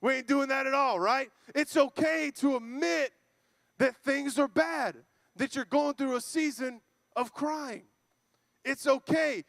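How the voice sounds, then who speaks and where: Guy preaching in church, jokey, does little voices, dry sound, high pitch. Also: unhurried, creaky, a bit bright, no echo. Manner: playful, acts out quoted voices. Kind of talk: lively comedic sermon. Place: church hall with congregation.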